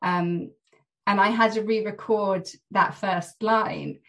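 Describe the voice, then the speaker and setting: A woman's voice: medium pitch, fairly even intonation, slow pace, a bit bright. A woman actor chatting as a podcast guest, telling stories from filming with light laughter. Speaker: actress guest. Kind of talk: casual podcast interview.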